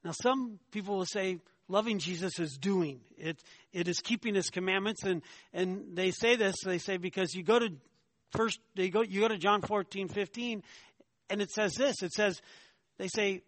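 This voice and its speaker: A man preaching a sermon, emphatic, often asking his listeners "right?" and rising in pitch when he argues a point. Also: normal speed, a bit bright, no room sound. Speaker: pastor.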